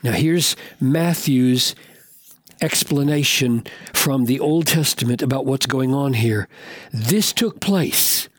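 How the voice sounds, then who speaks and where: A man preaching a sermon in an earnest, emphatic way, slowing down to stress key words and repeating questions for effect. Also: mid-range voice, no room sound.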